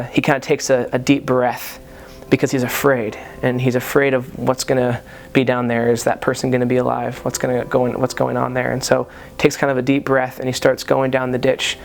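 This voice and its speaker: A man telling the story of his own crash as a personal testimony, hesitant and full of pauses. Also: mid-range voice, vocal fry.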